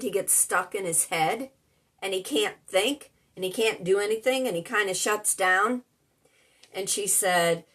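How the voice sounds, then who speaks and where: A woman's voice: lowish voice, a bit bright. A middle-aged woman telling a story in a casual, chatty way, retelling conversations line by line. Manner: chatty, retells dialogue with "I said" and "she said". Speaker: vlogger and life coach.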